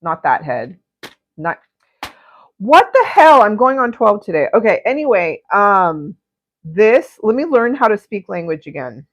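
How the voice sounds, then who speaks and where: A woman's voice: mid-range voice, very animated, a little slow, no room sound, lo-fi sound. A young woman hosting an art livestream, chatting casually and crudely while she paints, rambling and giggling between topics.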